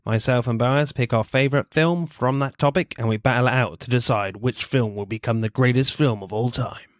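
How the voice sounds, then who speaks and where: A man's voice: medium pitch, brisk, no room sound, clean studio sound. A man from England hosting a casual film podcast, jokey and sweary, laughing easily as he chats. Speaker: podcast host.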